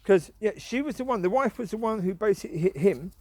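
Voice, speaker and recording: A man's voice: high-pitched, animated, quick pace, a little mellow. A man, rambling in a casual commentary while out walking his dogs in the woods. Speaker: vlogger. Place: outdoors in rural woods.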